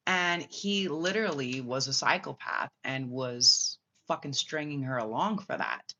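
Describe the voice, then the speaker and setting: In Bali, a woman who works as a spiritual reader tells a rambling personal story in a casual monologue, cursing freely and acting out other people's voices when she quotes them. Her voice is deep, bright and forceful, moving at a moderate pace with few pauses. The recording has a dull, lo-fi sound.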